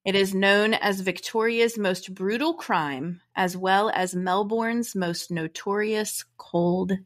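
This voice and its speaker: An American woman hosting a true-crime podcast in a relaxed, chatty way. Her voice sits in a middle register, and she keeps a friendly, upbeat storytelling flow. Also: mid-range voice, slow pace. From United States. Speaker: podcast co-host.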